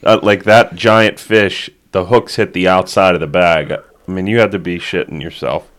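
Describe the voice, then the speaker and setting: Very deep-voiced enthusiastic male host. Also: fairly even intonation, normal speed, fairly bright tone. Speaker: podcast host. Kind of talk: casual interview chat.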